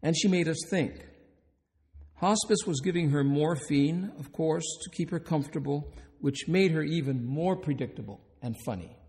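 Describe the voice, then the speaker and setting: Speaking at a moderate pace in a voice on the high side and a little mellow, a man who works as a hospice chaplain and minister addresses a conference. He tells funny stories and asks the audience questions, with long hall reverb around him.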